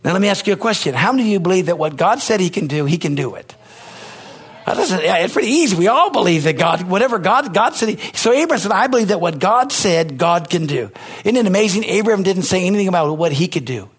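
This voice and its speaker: Preaching fast with lively intonation, a male pastor delivers an emphatic call-and-response sermon. His fairly high voice carries a husky edge, and he keeps turning to the congregation for answers.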